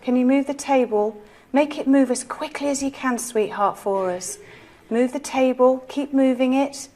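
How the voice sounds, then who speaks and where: A woman leading a ghost-hunt séance, asking soft, coaxing, pleading questions. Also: sits high, normal speed. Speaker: séance leader.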